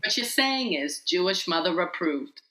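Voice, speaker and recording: Woman host, bright tone, teasing and emphatic interviewer. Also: very animated, moderate pace, poor audio. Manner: teasing, emphatic, big pitch swings. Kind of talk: playful interview in a put-on Jewish mom character.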